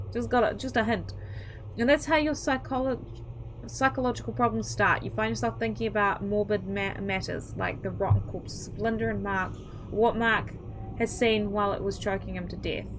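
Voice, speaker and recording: A woman's voice: medium pitch, a little hiss or hum, low-quality recording. A young woman gaming creator reading an interactive horror story aloud, chatty and reactive, with startled outbursts as she comments between lines. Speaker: gaming YouTuber.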